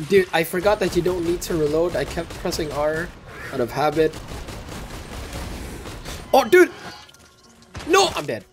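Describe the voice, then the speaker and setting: A man giving excitable, swearing commentary while playing a video game, often calling out "dude" and panicking. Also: fairly high pitch, background noise. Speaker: gaming YouTuber. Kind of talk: casual gameplay commentary. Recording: loud game music and gunfire behind.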